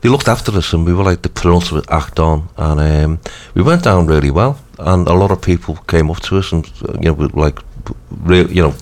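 A man with a croaky voice, hosting a radio show and chatting casually, rambling with lots of ums and restarts. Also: sits low, brisk, hardly any pauses, darkish tone. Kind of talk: casual chat.

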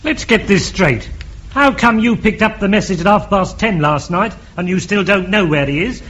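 Sarcastic crane driver, dry and high-voiced. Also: male voice, lively intonation, moderate pace, fairly bright tone.

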